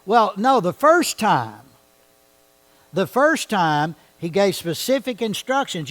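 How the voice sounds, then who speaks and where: A man leads a church Bible study in a voice a little high for a man, sing-song, slow and a bit bright, though the audio is poor. He talks conversationally, keeps checking in with listeners, and asks the audience questions.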